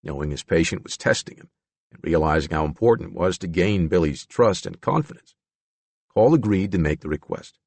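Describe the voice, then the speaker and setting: A man narrating an audiobook in a measured, expressive storytelling manner. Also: low voice, gravelly, no echo.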